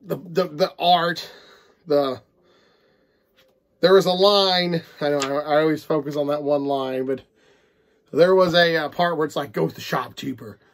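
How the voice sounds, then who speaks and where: A man in his thirties rambling through an unedited book review to camera, tired and prone to giggling. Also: fairly high pitch. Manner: rambling, easily breaks into giggles. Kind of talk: casual unedited video review.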